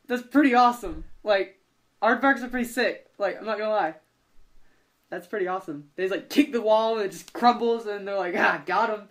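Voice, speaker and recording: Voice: medium pitch, brisk. A young adult podcast host chatting casually, rambling with many fillers and self-corrections. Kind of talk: casual chat.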